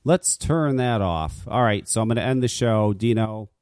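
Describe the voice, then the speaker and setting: A man's voice: fairly low pitch, animated, normal speed, a little mellow, no room sound, clean studio sound. A man hosting a talk radio show, ranting casually with lots of swearing and stammered restarts. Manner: profane, stammering rants.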